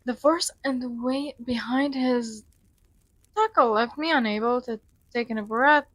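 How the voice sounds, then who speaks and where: High-voiced woman reading a visual novel. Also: unhurried, no room sound. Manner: dramatic reading mixed with joking commentary. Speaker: gaming YouTuber.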